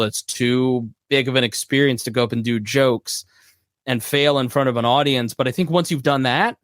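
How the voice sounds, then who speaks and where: A middle-aged man hosting a live podcast Q&A, talking in a relaxed, casual way with loose fillers. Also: mid-range voice, dry recording, studio quality. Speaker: podcast host.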